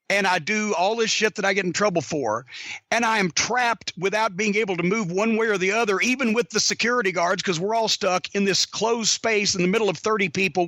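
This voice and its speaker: A man's voice: high voice, sharp tone, dry recording. A middle-aged man telling a heated, profanity-filled story on a podcast. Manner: heated, cursing constantly, Southern drawl. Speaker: podcast host.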